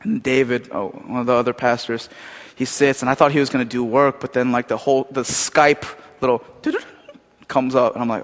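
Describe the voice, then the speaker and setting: A pastor giving a sermon in a storytelling way, animated, with many fillers. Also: male voice, medium pitch, normal speed. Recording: long hall reverb.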